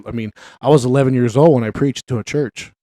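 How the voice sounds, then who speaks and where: A man's voice: mid-range voice, fast talker, no echo, studio quality. A man chatting casually on a podcast, retelling movie scenes with lots of swearing and acted-out lines. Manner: animated, swears a lot, acts out movie lines in voices.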